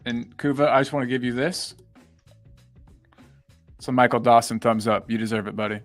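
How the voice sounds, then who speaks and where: A man's voice: mid-range voice, normal speed, faint music behind. Easygoing man bantering on a podcast. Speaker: podcast co-host. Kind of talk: casual live-stream chat.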